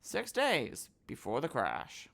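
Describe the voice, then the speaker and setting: A woman's voice: rumbling low, slow pace, gravelly, slight background noise. A woman streaming a video game, talking casually over her play and reading the game's lines aloud. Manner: animated, reads game lines aloud and trying out character voices. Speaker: gaming streamer. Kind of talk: casual let's-play commentary. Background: faint game music.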